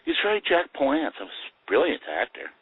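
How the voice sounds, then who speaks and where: A husky older man swings his pitch up and down as he tells funny anecdotes. His voice sits fairly low and sounds dry and close, with dull, muffled audio. He laughs often between stories. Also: fairly quick, no echo. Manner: chuckling storyteller with lively voices for quoted people. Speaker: guest actor. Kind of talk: casual interview anecdotes.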